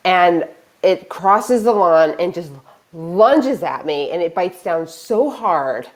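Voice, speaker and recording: A woman telling a personal story on a live stream, lively and animated, acting out her own shouts and quoted lines. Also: on the low side.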